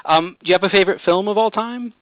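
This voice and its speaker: A man's voice: high voice, fast talker. A man interviewing a singer in a casual way, friendly, laughing often and stumbling over the starts of his questions. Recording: phone-quality interview audio, dry.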